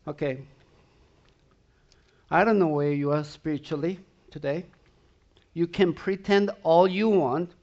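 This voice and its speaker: Preaching emphatically and directly, a man keeps asking his congregation if they're with him. His voice is a little high and a little mellow, his pace slightly slow with frequent pauses, and the sound quality is lo-fi.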